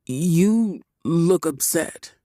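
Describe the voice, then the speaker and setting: A woman voicing a somber male dragon lover, speaking low, slow and quietly with calm, smug teasing. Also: vocal fry, no room sound, clean studio sound.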